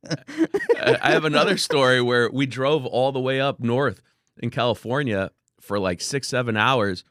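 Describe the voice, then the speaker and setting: A man, a company founder, telling laid-back, animated stories as a podcast guest. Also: mid-range voice, moderate pace, no room sound, studio quality. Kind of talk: casual interview storytelling.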